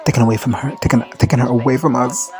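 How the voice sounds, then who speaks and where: A vlogger giving a casual, profane and gushing recap of a show, chatty and quick to jump into quoted bits. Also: medium pitch, fairly even intonation, music in the background. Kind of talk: casual crack recap reaction.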